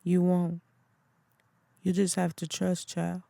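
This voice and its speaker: A reader voicing a calm older spiritual woman in an audiobook who gives soothing, assured counsel. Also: mid-range voice, slow, gravelly, dry recording. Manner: soothing, assured, calls others child. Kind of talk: audiobook character voice.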